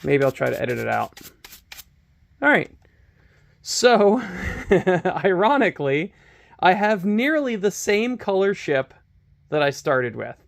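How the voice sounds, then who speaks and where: Gravelly-voiced man chatting while he paints. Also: high-pitched, big pitch swings, takes it slowly, long pauses. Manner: chatty, self-mocking, thinks aloud while working. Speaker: hobby painting channel host. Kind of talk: relaxed painting tutorial talk. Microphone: camera microphone close to his face.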